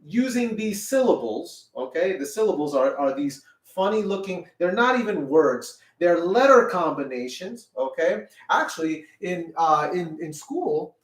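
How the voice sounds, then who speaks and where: A man with a high speaking voice teaches a children's music lesson, checking in with "okay?" at every step. He sounds a little away from the mic in an echoey room, with a piano heard now and then. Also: far from the mic. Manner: encouraging, repeats "okay?" often.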